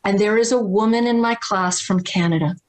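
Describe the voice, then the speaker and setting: A middle-aged woman from Massachusetts, telling an earnest, animated story as a guest teacher on a video call. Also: medium pitch, brisk, slight background noise, rough recording. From Massachusetts, USA. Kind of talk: storytelling in a livestream talk.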